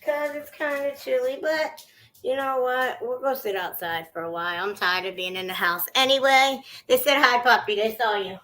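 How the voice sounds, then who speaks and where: A woman's voice: fairly high pitch, steady tone, moderate pace, sharp tone, echoey room. Chatty woman streaming from home. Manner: chatty, loose and profane. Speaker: livestream host. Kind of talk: casual livestream chat. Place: at home indoors.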